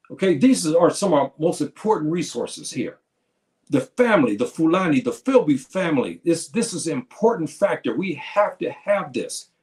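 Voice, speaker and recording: Lively-pitched man lecturing with many restarts. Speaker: speaker giving a talk. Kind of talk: informal lecture to listeners.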